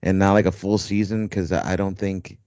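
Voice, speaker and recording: A man's voice: deep voice, level tone, brisk, darkish tone, no room sound. A man hosting a podcast in casual chat, rambling with lots of fillers and frequent laughs. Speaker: podcast host. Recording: dull dry lo-fi recording.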